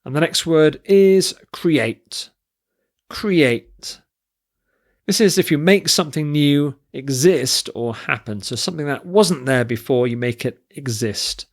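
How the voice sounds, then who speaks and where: A man teaching an English vocabulary lesson, listing word forms and reading example sentences carefully. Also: a little high. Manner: slow, deliberate, spells out word forms and stress.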